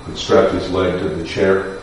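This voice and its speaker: A man, a defense lawyer, telling a personal story in a measured, somber way with pauses and fillers. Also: low voice, level tone, recorded from a distance, slight background noise. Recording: echoey room picked up from afar.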